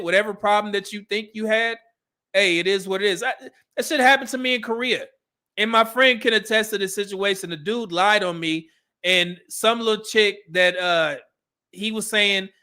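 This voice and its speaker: A man's voice: high voice, sharp tone. A middle-aged man from California, hosting a casual commentary stream and giving blunt, profane advice. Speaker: host.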